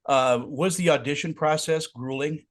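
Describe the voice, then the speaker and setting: A man's voice: on the high side, normal speed. A man hosting an interview, asking questions in an enthusiastic, complimentary way. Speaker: interviewer host.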